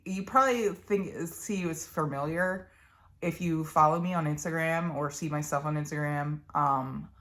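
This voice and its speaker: A young woman from Philadelphia, USA, speaks with a Philly accent in a low-pitched, fairly bright voice. As a cross-stitch vlogger, she chats casually and rambles about her stitching projects, with lots of ums and restarts.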